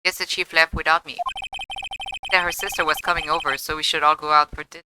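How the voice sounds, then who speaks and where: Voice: medium pitch, level tone, fast, noisy background, natural voice. A streamer reading an uneasy young lawyer.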